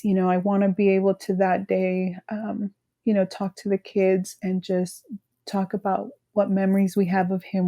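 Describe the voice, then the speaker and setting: A woman in her thirties from California, speaking haltingly about her grief as a guest, full of "you know" fillers. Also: mid-range voice, warm tone. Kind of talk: emotional personal conversation.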